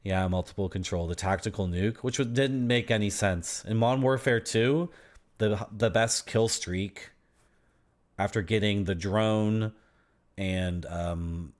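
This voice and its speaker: A man's voice: on the low side, a little slow. A man in his thirties giving casual, rambling commentary as he streams a game, chatting to his viewers and laughing often.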